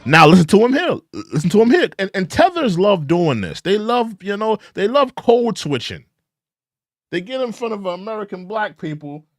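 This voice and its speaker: A man hosting an opinionated commentary show, talking in a mocking, repetitive and animated way. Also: high voice, moderate pace, no room sound. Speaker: commentary channel host.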